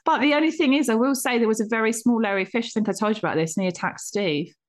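A woman's voice: on the high side, racing. A woman co-hosting a podcast, chatting casually, swearing freely and laughing as she tells stories. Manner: swears freely, laughs often, animated storytelling. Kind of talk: casual chat.

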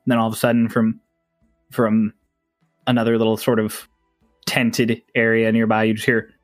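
A man's voice: lowish voice, completely flat delivery, normal speed, no echo, clean studio sound, faint music behind. A man narrating as game master in a casual tabletop session, laughing often and swearing freely.

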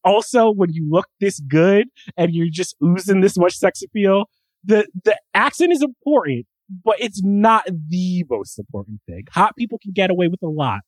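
A man co-hosting a casual pop-culture chat, excitable and acting out quotes with the odd swear word. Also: sits high, moderate pace, no echo, poor audio. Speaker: podcast co-host.

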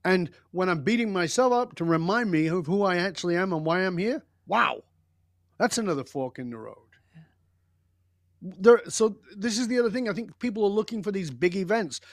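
A man's voice: high voice, no room sound, studio quality. An older man, a podcast guest, telling stories from his life in an emphatic, intense and blunt way. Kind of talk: reflective storytelling in an interview.

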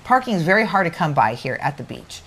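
Animated woman telling a story. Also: low-pitched, fast, husky. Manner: animated, acts out quoted voices, many restarts. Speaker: podcast co-host. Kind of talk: casual storytelling chat.

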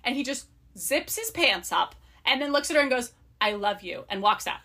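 A young woman with a high, bright voice vents about a book with her friends. She swears freely and acts out what the characters say. Her tone is sharp and forceful. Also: sing-song, normal speed. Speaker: podcast co-host. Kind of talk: casual book discussion.

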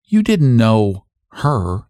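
A plain-spoken farm wife with folksy, homespun talk, as a man puts her on in a storybook reading. Her voice sits high and swings a good deal in pitch. The sound is dry and close. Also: big pitch swings, unhurried, darkish tone, no room sound. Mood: wistful.

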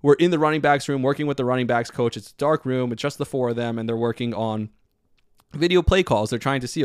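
A man hosting a solo sports podcast, talking in an excitable, rambling way with lots of filler words. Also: mid-range voice, fast talker, clean tone, dry recording, studio quality. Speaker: podcast host.

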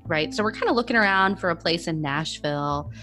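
A woman's voice: fairly low pitch, lively intonation, fairly quick, bright, forceful tone, faint music behind. A woman co-hosting a casual chat, recounting a road trip with many "like" fillers. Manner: rambling, frequent "like" fillers. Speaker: podcast co-host.

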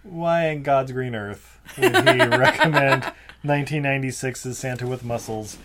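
A man's voice: mid-range voice, big pitch swings, measured pace, a bit bright. A man co-hosting a podcast in loose, joking chat. He laughs easily and talks with a lot of rise and fall in his voice. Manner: jokey, laughs often, uses "y'all". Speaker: podcast co-host.

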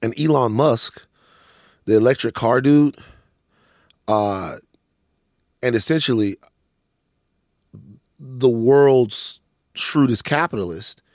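A man's voice: mid-range voice, slow pace, pauses often, a little mellow, dry recording, clean studio sound. A man co-hosting a podcast, joking and swearing freely as he rambles in casual chat. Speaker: podcast co-host.

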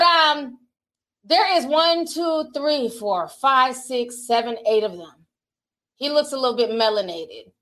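Speaking straight to her viewers in casual to-camera commentary, this woman, an entertainment commentator, is candid and chatty as she reads out social media comments. Her voice is high-pitched and a bit bright.

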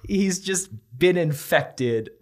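Laughing young man spinning a goofy pitch. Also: animated, takes it slowly. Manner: laughs often, acts out characters in dialogue. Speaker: podcast co-host pitching a movie. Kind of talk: casual comedic storytelling.

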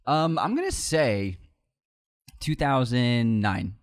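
Male podcast co-host, casual and chatty, laughs easily, mid-pitched. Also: animated, slow pace. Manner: laughs often, chatty, self-mocking. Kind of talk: casual podcast chat and ad read.

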